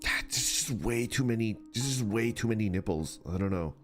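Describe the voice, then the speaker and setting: A man streaming, chatting casually with viewers, rambling and swearing through animated rants. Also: on the low side, a little fast, faint music behind. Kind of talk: casual chat reacting to viewers.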